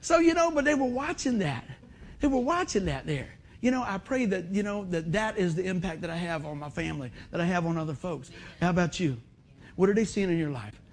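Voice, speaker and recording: A middle-aged man preaching a sermon in a folksy, animated way, acting out other people's voices. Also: high voice, a little fast. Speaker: pastor.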